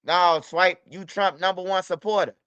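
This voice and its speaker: High-voiced dude ranting on his livestream, smooth crisp voice, dry dull sound, lots of cussing. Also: steady tone, normal speed, fairly bright tone, no room sound. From United States. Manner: loose, profane, repetitive street talk. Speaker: livestream host. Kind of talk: casual livestream talk.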